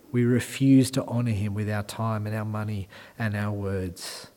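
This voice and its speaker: A man preaching a sermon, moving from hushed lines to loud, emphatic ones. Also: on the low side. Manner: swings from quiet to loud and emphatic.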